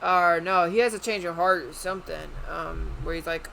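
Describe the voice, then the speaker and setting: A chatty reviewer with a bright, sharp-edged tone rambles through a casual video review. The talk is loose and unpolished, with the odd curse word thrown in. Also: mid-range voice, fairly even intonation, moderate pace, creaky, few pauses, a little hiss or hum, low-quality recording.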